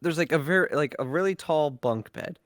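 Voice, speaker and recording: A man's voice: fairly high pitch, a little fast, a crowd in the background. Joking man co-hosting a podcast. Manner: joking, asks questions. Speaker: podcast co-host. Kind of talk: casual chat.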